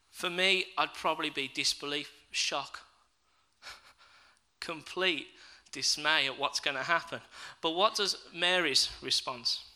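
A man's voice: a little high, pushed and bright, poor audio. A man preaching a sermon, reading scripture and then reflecting aloud and asking his listeners questions.

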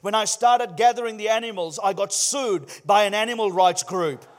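A man's voice: sits high, normal speed, close to an everyday voice. A man voicing a harried modern Noah, pleading and listing his troubles in a joke. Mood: flustered pleading.

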